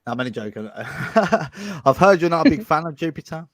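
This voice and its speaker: A man's voice: fairly high pitch, very animated, normal speed, fairly bright tone. English guy calling in, stammers a lot, earnest. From England. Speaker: caller. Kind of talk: casual livestream chat.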